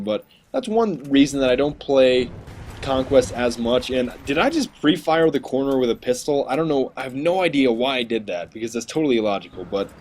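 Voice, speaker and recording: A man's voice: mid-range voice, a little hiss or hum. A man narrating his shooter gameplay in a rambling, sarcastic, joking voice-over. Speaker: gaming commentator.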